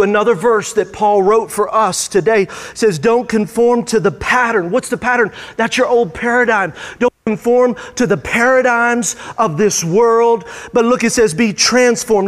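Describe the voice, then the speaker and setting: A male pastor delivers a sermon, swinging into emphatic, rising bursts. His voice sits unusually high. A long hall reverb trails behind every phrase.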